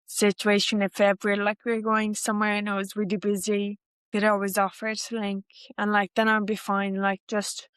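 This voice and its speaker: A woman's voice: medium pitch, dry recording. A woman in her twenties with an Irish accent, a podcast guest telling a personal story in a chatty, rambling way full of fillers. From Ireland. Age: 20s.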